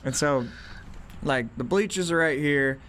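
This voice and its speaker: A young man being interviewed as a musician, telling anecdotes in a relaxed, slangy way and acting out the people in them. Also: on the high side, measured pace, a little hiss or hum. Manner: animated, acts out voices in anecdotes. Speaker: guest musician. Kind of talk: casual storytelling.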